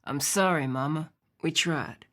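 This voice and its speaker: Audiobook rancher: woman doing a low, raspy cowboy, calm and steady, coaxing and gentle. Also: normal speed, lightly acted. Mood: subdued.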